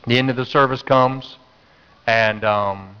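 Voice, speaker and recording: A pastor from North Carolina preaches a sermon in a church sanctuary, telling a story animatedly at a measured pace with a clean tone. He acts out his own inner voice with sudden high jumps, and the recording has a dull, reverberant church sound.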